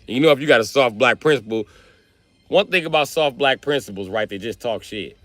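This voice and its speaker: A man streaming live, telling profane stand-up stories in a loud, swearing manner. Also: medium pitch, brisk, dry recording. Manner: loud, animated, swearing freely. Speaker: comedian streamer.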